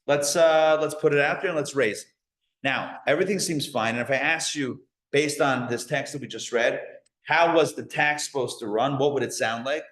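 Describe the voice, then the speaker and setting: A man teaching a live class as a rabbi, animated, asking the audience questions and joking along the way. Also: medium pitch, moderate pace. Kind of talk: lively live lecture. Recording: echoey room.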